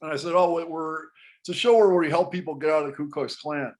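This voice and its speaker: A man telling a story to an interviewer in casual panel talk, animated and often restarting his sentences. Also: fairly high pitch, quick pace. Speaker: guest storyteller.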